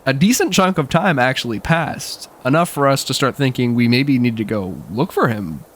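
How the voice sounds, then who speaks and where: A man's voice: mid-range voice, expressive, normal speed. A young man telling a childhood story in a wry, casual way, laughing often.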